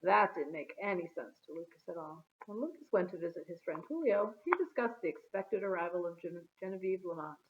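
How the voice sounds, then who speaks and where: A woman reading a children's chapter book aloud in an expressive, storytelling manner. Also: on the low side, fairly quick, hardly any pauses, slight background noise. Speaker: storybook reader. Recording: phone-like narrow sound.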